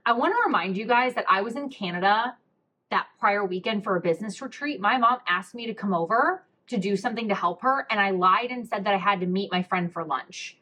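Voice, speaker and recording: A woman's voice: medium pitch, fairly quick, bright, forceful tone. A young woman hosting a podcast, telling a personal story in a casual, candid way, swearing freely and saying "like" a lot. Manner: chatty, candid, swears freely, heavy use of "like". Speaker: podcast host.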